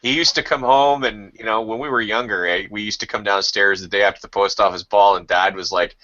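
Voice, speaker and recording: Bright-voiced male talker for a loose, profane podcast anecdote; muffled lo-fi sound. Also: fairly low pitch, fairly even intonation, a little fast. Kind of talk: casual storytelling chat. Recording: dull lo-fi sound.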